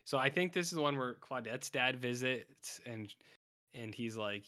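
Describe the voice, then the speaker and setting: Speaking at normal speed with a medium pitch, this podcast co-host keeps a steady but bright, forceful tone. He rambles through a casual episode recap, interrupting himself and acting out the characters' lines.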